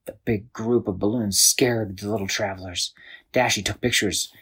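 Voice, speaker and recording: Breathy man telling an animated story. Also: lowish voice, normal speed. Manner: animated, loose, with restarts. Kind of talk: improvised bedtime story narration.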